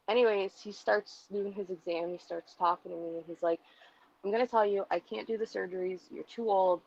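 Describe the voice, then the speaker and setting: Gravelly-voiced woman ranting on a vlog. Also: lowish voice, highs cut off, slight background noise. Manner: heated, profane, rambling with many fillers. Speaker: vlogger. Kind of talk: casual storytelling rant.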